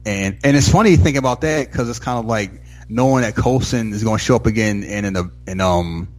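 A podcast co-host with a fairly low voice recaps a TV episode with his partner, talking a little fast. He is casual and animated, acting out the characters' lines as he goes.

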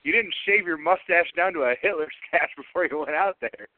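A man's voice: on the high side, fairly quick. A man co-hosting a radio show, reacting with jokes and laughter in casual banter. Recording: tinny phone-like radio audio with faint hiss.

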